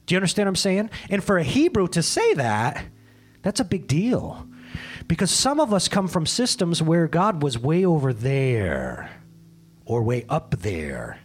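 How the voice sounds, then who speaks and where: A man with a slightly husky, fairly high voice preaches a sermon in a loose, joking, conversational way. His pitch swings widely, from bright peaks down to sudden hushed drops. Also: wildly swooping pitch, unhurried. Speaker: pastor.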